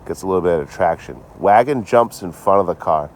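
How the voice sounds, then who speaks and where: His voice sits low and sounds a little mellow, expressive and brisk, with slight background noise. Tipsy on a phone livestream, he chats casually, swears often and rambles through sarcastic banter with viewers.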